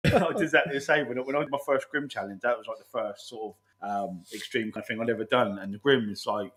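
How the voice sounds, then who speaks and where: A man's voice: on the low side, a bit bright. A man hosting a casual podcast chat, rambling and swearing freely, calling his guest "mate". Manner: rapid, rambling, heavy swearing, lots of "mate". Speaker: podcast host.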